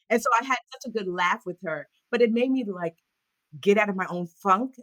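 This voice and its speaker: A woman's voice: fairly quick, no room sound. A woman in her thirties, a guest in an interview, telling her story candidly and acting out the voices of the people she quotes. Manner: animated, acts out quoted voices with big pitch jumps.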